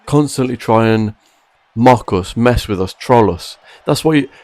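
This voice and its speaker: A man in an exasperated opinion rant, hammering his points with repetition and disbelief. His voice sits at an ordinary middle pitch. The recording is close and dry, with no room sound. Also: measured pace, a little mellow, no room sound. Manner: frustrated, exasperated, emphatic. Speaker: wrestling commentary vlogger.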